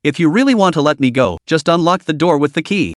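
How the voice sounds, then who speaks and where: A man putting on a wary captive young woman who answers with sarcasm and keeps testing the man in front of her. The voice sits a little higher and swings in pitch. The recording is close and dry. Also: animated, fast, no echo, natural voice. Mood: sarcastic.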